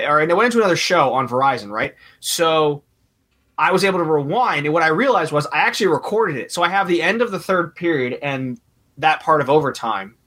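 A man with a slightly high, bright and sharp voice talks in casual podcast chat. He is animated and jumps from point to point as he goes. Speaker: podcast co-host.

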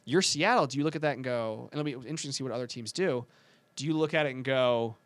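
A man co-hosting a casual chat, talking fast and correcting himself as he goes. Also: mid-range voice, a bit bright. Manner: rambling, quick, self-correcting. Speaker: podcast co-host.

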